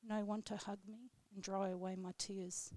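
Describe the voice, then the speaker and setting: A woman on live radio reading her own poem aloud in a steady, measured way, then chatting with the host. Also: medium pitch, no room sound. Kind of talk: poetry reading, then casual chat. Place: radio studio.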